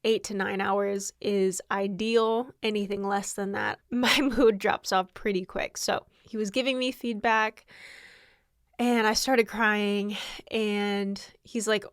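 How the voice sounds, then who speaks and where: A woman's voice: mid-range voice, fairly even intonation, slow pace, no room sound, clean studio sound. A young adult woman hosting her own podcast in casual, candid chat, tired and laughing often. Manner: candid, rambling, with frequent laughs. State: exhausted. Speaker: podcast host.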